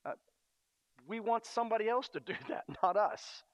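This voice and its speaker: A man preaching a sermon as a pastor, earnest and storytelling, often pausing on fillers. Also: high voice, lively intonation, no room sound. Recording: dry, dull lo-fi sound.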